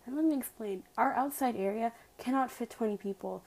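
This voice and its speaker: Chatty woman with a mellow voice. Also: a little high, fairly quick, vocal fry, poor audio. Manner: chatty and emphatic, full of "like" fillers, addresses viewers directly. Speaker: vlogger telling a personal story. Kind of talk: casual storytime monologue.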